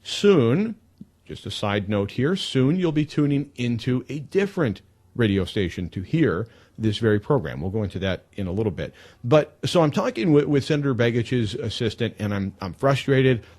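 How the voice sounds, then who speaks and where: A man hosting a live talk radio show, telling stories in an emphatic, animated way into a studio mic. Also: mid-range voice, normal speed.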